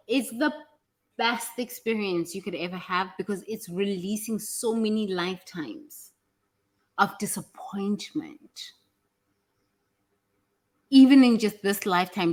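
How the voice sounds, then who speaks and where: A woman teaching in a casual, motivational way, talking bluntly and animatedly, swearing freely and acting out what other people say. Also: on the low side.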